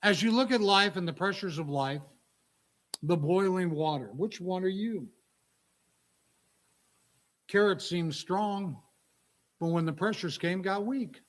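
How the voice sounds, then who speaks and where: A minister telling a sermon story. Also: male voice, sits high, fairly bright tone. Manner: storytelling, drawn-out pauses, illustrative.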